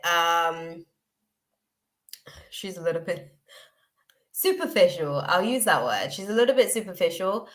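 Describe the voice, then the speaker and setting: A woman's voice: fairly low pitch, fairly bright tone. A woman giving a live tarot reading, hesitant and chatty, with many fillers as she searches for words. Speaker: tarot reader.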